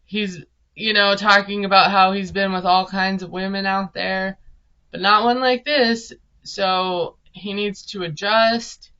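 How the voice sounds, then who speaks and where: A woman's voice: mid-range voice, steady tone, a little slow, bright, forceful tone, clear, resonant tone, lo-fi sound. A woman, recapping a reality show in casual, sarcastic commentary. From Minnesota. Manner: chatty, sarcastic, laughs often. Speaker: TV recap vlogger.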